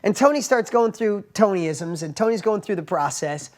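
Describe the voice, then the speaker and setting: A man giving a casual motivational talk to camera, telling stories in plain everyday words, often tagging lines with "right?" and swinging between emphatic bursts and hushed asides. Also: high-pitched, animated, normal speed. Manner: plain everyday wording, frequent "right?" tags. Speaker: motivational speaker and entrepreneur host.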